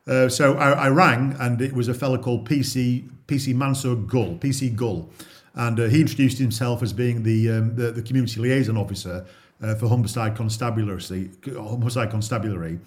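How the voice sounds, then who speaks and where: A man's voice: medium pitch, brisk. Field: plain-spoken middle-aged man telling his story. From England. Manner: plain-spoken, repeats words and restarts often. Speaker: interview guest. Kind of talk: storytelling in a sit-down interview.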